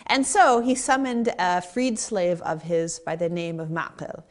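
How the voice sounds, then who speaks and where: A woman's voice: on the low side, lively intonation, a little slow. A woman narrating a historical story in a vivid, dramatic way.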